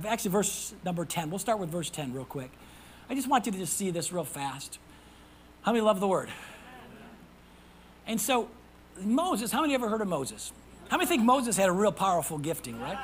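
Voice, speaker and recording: Pastor swinging between whispers and emphasis. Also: male voice, high-pitched, slight background noise, rough recording. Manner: dramatic swings from hushed whispers to loud emphasis; calls out to the congregation for responses. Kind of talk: sermon.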